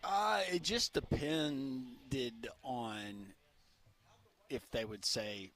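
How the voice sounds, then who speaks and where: Relaxed Southern man co-hosting radio. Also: medium pitch, extremely slow. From Southern United States. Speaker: radio co-host. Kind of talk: casual studio banter.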